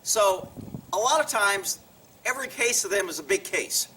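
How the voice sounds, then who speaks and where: A man's voice: sits high, expressive, normal speed, bright, forceful tone, recorded from a distance, a little hiss or hum. A man casually telling a personal story to the camera, chuckling often and acting out the people he quotes.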